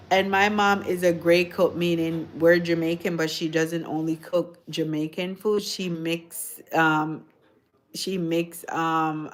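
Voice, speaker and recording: A woman hosting a casual livestream, chatting in a rambling, easygoing way full of "like" and "you know". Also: deep voice. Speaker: livestream host.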